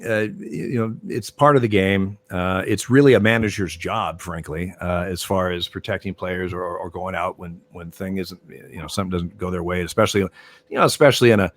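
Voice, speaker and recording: A man's voice: low voice, a little fast. An older man, a former umpire, telling stories in a casual interview, rambling with many fillers and restarts. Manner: rambling, many fillers and restarts, animated when retelling arguments. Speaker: former baseball umpire, guest.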